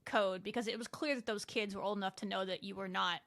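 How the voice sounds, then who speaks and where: A woman host chats in a casual, supportive tone, cheering her guest on. Her voice is bright and forward. She speaks at an easy, middle pitch. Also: steady tone, quick pace, creaky. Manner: enthusiastic, supportive. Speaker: podcast host. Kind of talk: casual chat.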